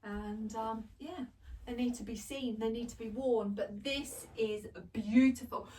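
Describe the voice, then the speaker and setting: A middle-aged fashion vlogger with a slightly high, mellow voice and fairly even intonation talks a little slowly, recorded from a distance with slight background noise. Indoors at home, she chats through a casual try-on haul, gushing, laughing often, and joking about herself.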